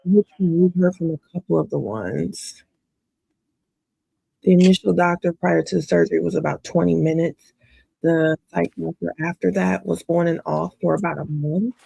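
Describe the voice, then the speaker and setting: A woman's voice: fairly low pitch, steady tone, normal speed, gravelly, dark tone, breathy edge, dry recording. A woman hosting live trial commentary in a casual, emphatic way, repeating her points and talking back at what she watches. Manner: emphatic, repetitive, talks back to the screen.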